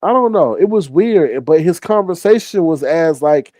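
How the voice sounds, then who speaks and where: A man's voice: a little high, expressive, moderate pace, warm tone, no room sound. A man telling a story to his viewers in a casual rant, exasperated, repeating himself, swearing a lot and acting out other people's lines. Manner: exasperated, repetitive, heavy profanity. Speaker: online streamer.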